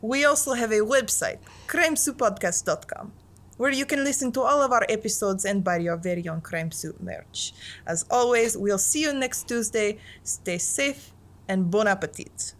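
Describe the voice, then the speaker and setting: A woman's voice: medium pitch, moderate pace, a bit bright, close to an everyday voice. Woman putting on a hammy Russian accent. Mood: mock-serious. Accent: put-on Russian. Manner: mock-formal announcer delivery.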